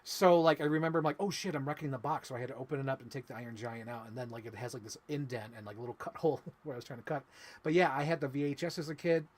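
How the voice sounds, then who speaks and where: A man's voice: mid-range voice, racing. A man co-hosting a film review talk show, chatting casually and emotionally with lots of fillers. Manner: rambling, emotional, many fillers. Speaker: podcast co-host. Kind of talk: casual movie review chat.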